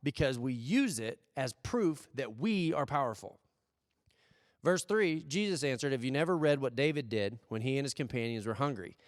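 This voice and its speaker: A man's voice: medium pitch, expressive, moderate pace. American man preaching in a reverberant hall. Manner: conversational preaching with rhetorical questions and playful acted asides. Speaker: pastor. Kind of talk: sermon. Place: church service. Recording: dry sound with long hall reverb.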